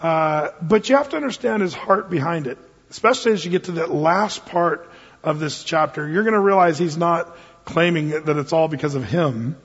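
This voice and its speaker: A man's voice: on the high side, moderate pace, breathy edge. A man preaching a sermon as pastor, in a conversational, joking way. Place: church sanctuary. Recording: reverberant hall, dull lo-fi sound.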